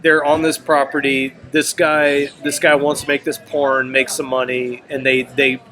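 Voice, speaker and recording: A man co-hosting a casual film review chat, animated and laughing, swearing freely. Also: mid-range voice, unhurried, poor audio. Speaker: podcast co-host reviewing films.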